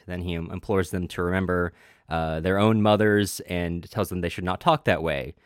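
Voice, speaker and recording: A man co-hosting a podcast, summarizing a story and reading quoted passages aloud with frequent pauses. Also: low voice, clean tone, dry recording, clean studio sound. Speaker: podcast co-host. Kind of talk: casual book discussion.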